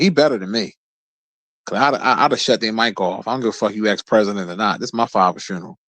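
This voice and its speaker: A man's voice: mid-range voice, no room sound. A man streaming casual commentary, blunt and profane, who often stumbles and repeats words at the start of his sentences. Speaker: streamer host.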